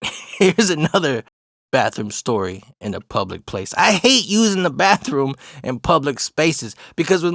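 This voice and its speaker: A man's voice: on the high side, lively intonation, normal speed, fairly bright tone, no room sound, studio quality. A man casually telling a personal story, swearing freely and often laughing. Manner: profane, laughs through the story.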